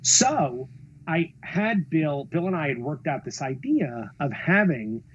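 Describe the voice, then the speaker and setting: A film director, a man, telling stories in a podcast interview, expressive, acting out quotes and swearing freely. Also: a little high, slow pace, muffled recording, slight background noise. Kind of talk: animated storytelling in a podcast interview.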